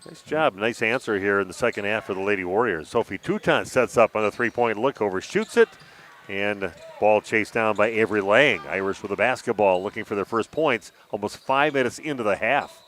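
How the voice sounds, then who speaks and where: A man calling high school basketball play-by-play on local radio, brisk and steady with the odd "uh". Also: slight background noise. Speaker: play-by-play announcer. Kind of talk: live basketball commentary.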